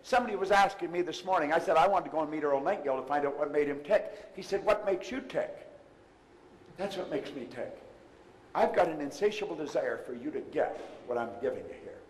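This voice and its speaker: A man's voice: on the high side, brisk, a little hiss or hum. Emphatic older man speaking in a hall. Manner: emphatic, swings from loud to hushed. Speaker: motivational speaker. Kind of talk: live seminar talk. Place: seminar room before an audience.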